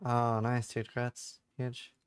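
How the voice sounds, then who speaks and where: A man's voice: medium pitch, monotone, slow pace, clean tone, no echo. A man chatting casually as a streamer while playing a game, slangy and playful. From Norway. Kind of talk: casual gaming commentary.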